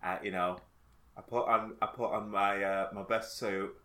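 A man with a low voice and a very bright, forward tone. He delivers dry jokes in a flat, deadpan way. The talk is loose and casual. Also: moderate pace, roomy sound. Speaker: podcast co-host. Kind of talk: casual chat.

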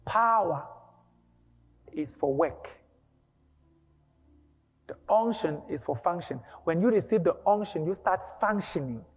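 A male preacher delivering an emphatic, dramatic sermon, breaking into shouts. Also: sits high, animated, takes it slowly, pauses often, faint music behind. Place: church hall. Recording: dull lo-fi with long hall reverb.

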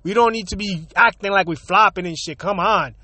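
A middle-aged man with an unusually high-pitched voice vents straight to his audience. He swears freely, repeats himself and keeps hammering rhetorical questions in a heated rant. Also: a little fast, sharp tone, slightly rough, no room sound. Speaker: vlogger. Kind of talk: profane ranting monologue.

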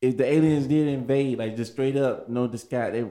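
A man's voice: mid-range voice, moderate pace, mellow. Male host, easygoing mid-range voice, rambles and keeps pushing the question. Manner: loose, rambling, pushes the question. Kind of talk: casual group chat.

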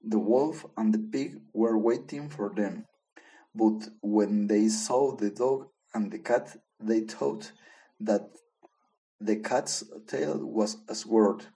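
A man's voice: on the low side, slow, dark tone, poor audio. A man reading a simple-English story aloud, plain and careful, with small slips.

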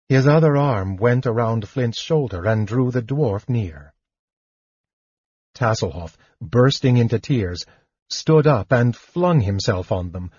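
Measured male narrator, husky, dull dry recording. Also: on the low side, darkish tone, no room sound. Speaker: audiobook narrator. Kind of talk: scripted narration.

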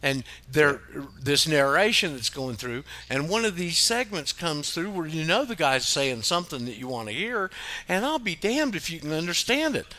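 An American radio host talks in a folksy, easygoing way, his pitch swinging up and down. His voice is bright and forceful, and he laughs often. He swears mildly as he goes. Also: sing-song, moderate pace. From United States. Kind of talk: casual radio chat.

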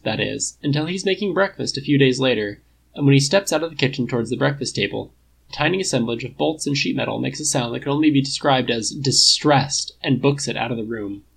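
Guy reading fanfic out loud, husky voice, laid-back wry tone. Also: medium pitch, low-quality recording. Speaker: podfic reader. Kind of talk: audiobook narration of fan fiction.

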